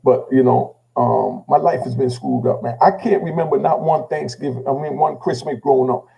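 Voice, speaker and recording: Gravelly older man telling his story. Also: moderate pace, lo-fi sound. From Jamaica. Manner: gravelly, repeating "you know what I mean" after each thought; drops low and quiet when he quotes himself. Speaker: channel host telling his own story. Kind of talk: casual emotional storytelling.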